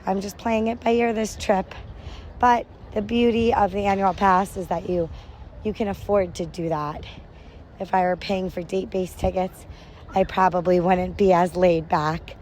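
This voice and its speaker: Woman in her 30s, upbeat rambling vlogger recording on a phone outdoors, clear crowd and ambient noise behind her. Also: mid-range voice, steady tone, moderate pace, a little mellow. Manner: chatty and upbeat, rambling with self-corrections. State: out of breath while walking. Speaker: podcast host vlogging a family park trip. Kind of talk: casual on-the-go audio diary. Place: outdoors at a theme park, walking.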